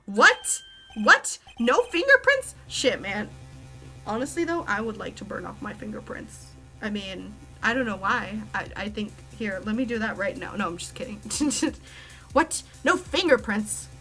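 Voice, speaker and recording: A woman's voice: medium pitch, normal speed, fairly bright tone, faint music behind, rough recording. A young woman giving casual let's-play commentary, giggly and joking, swearing casually.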